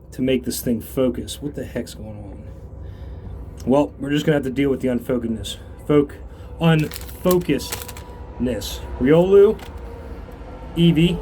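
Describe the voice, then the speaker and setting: A man vlogging as he climbs a tall outdoor tower, out of breath, chatty and excited, recorded on a handheld phone. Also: mid-range voice, slight background noise. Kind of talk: casual narration while climbing. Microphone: handheld phone camera.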